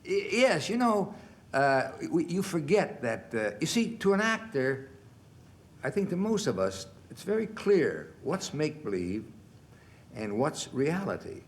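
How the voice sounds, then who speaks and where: A man in his sixties, a guest on a television talk show, telling animated anecdotes and laughing through the punchlines. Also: on the high side, a little slow. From United States. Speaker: guest actor. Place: television studio.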